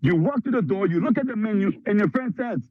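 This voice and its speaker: Man, from Canada, high voice, animated motivational speaker, muffled dry sound. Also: fast, no room sound. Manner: animated, acts out skits in put-on voices. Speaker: motivational speaker at a sales training. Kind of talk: energetic motivational talk.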